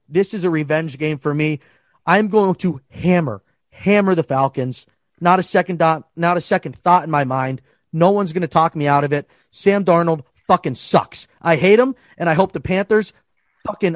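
A man's voice: fairly high pitch, moderate pace, no room sound, clean studio sound. Profane, fired-up young man ranting. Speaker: sports betting podcast host. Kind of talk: casual sports betting talk.

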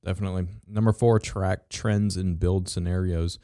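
A man co-hosting a casual business chat, halting with many fillers and restarts, with dry sarcastic asides. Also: low voice, fairly even intonation, mellow, dry recording. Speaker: podcast co-host.

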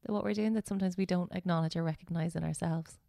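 A woman's voice: on the low side, fairly even intonation, fast talker, gravelly, dark tone, dry recording, studio quality. A woman hosting an interview, reflective and encouraging in casual chat. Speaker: podcast host.

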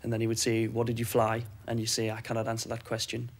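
Fast-talking man with a flat delivery. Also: medium pitch. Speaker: interviewee recalling captivity. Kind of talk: personal testimony.

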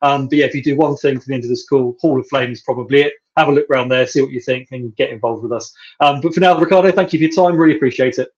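A man hosts a podcast and talks fast, one thought running into the next. He leans on "you know" again and again. The sound is dull and muffled, like a lo-fi recording. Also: mid-range voice, darkish tone. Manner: rambling, lots of "you know". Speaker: podcast host. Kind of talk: podcast interview.

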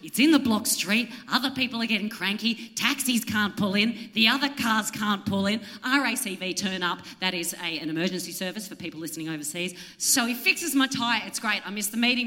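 Exasperated Australian woman telling a stand-up story. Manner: animated, exasperated storytelling with wild pitch swings. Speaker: comedian co-host. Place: theatre stage before a live audience. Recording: live theatre with long reverb.

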